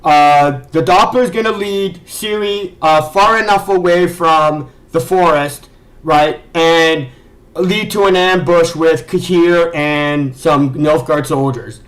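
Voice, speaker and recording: A man's voice: high voice, lively intonation, slow, fairly bright tone, poor audio. A man ranting as a video reviewer, exasperated and sarcastic, swearing and stumbling over restarts as he talks. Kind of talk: ranting commentary.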